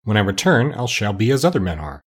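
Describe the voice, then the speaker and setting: A man's voice: on the low side, big pitch swings, fast, husky. A man voicing a cheerful, earnest male scarecrow in an audiobook, speaking plainly and sincerely. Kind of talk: audiobook character reading.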